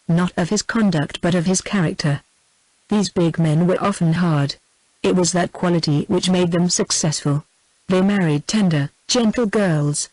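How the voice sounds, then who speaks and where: Brief: synthetic British female narrator, steady measured audiobook reading, dry close sound. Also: on the low side, dry recording, rough recording. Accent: British English. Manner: even, measured text-to-speech reading. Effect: synthetic text-to-speech voice. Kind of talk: scripted narration.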